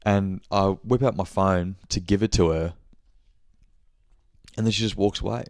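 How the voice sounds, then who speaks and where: During a laid-back monthly check-in on his podcast, a young host meanders through a story, cursing and correcting himself as he talks. He sounds low, a little slow, and somewhat mellow, captured in a dry, studio-quality recording.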